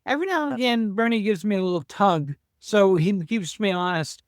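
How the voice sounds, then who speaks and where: A man's voice: sits high, brisk, clear, resonant tone, dry recording, clean studio sound. A man with a Canadian accent, hosting a casual interview. He is conversational and curious. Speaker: podcast host.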